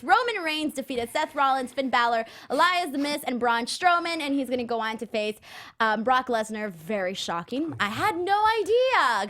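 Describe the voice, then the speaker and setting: A woman's voice: high-pitched, sharp tone. A woman co-hosting a casual chat who recaps events in a breezy, teasing way. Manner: breezy, teasing, runs through results like a recap. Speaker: co-host.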